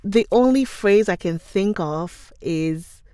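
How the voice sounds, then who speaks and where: A woman's voice: mid-range voice, animated, slow pace, dark tone, clean tone, no room sound, studio quality. A young woman whose first language is Twi, hosting a livestream, chatting casually with viewers, laughing often and greeting them by name. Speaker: livestream host. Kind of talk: casual chat with live viewers.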